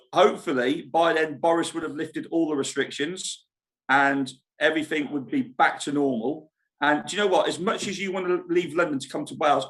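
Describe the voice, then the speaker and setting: Speaking in a creaky, slightly bright, medium-pitched voice, a holiday park show host chats casually on a live stream from the club foyer. He's talkative, wanders from point to point, and laughs readily.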